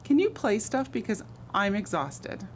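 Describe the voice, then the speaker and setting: A woman's voice: mid-range voice, sing-song, measured pace, slight background noise. A woman co-hosting a college radio talk show, chatting casually and laughing often in a small studio. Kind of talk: casual chat.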